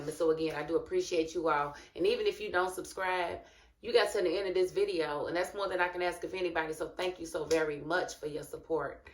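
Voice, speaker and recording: A woman's voice: fairly low pitch, reverberant. Chatty woman recapping a TV episode. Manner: chatty, colloquial, talks straight to viewers as "honey" and "y'all". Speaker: TV episode reviewer, channel host. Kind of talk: casual recap and review vlog.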